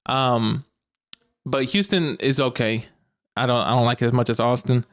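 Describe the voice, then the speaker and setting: A young man from Arkansas, co-hosting a podcast in a relaxed, slangy chat, laughing often. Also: mid-range voice, moderate pace. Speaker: podcast co-host. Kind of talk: casual chat.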